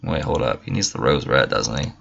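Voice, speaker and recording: A man with a very deep, gravelly voice that still comes through bright, chatting through a gameplay video. He swears freely and throws in mock-indignant asides. The recording is dull and lo-fi. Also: lively intonation, brisk, a little hiss or hum. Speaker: gamer. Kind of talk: casual let's-play commentary.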